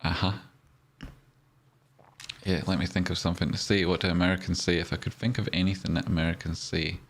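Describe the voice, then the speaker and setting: A Scottish man with a very low voice hosts a relaxed trading livestream. He banters and teases, reading comments aloud in an easygoing, joking way. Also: a little fast, a little hiss or hum. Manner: chatty and joking, reads viewer comments aloud. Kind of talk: casual live-stream chat.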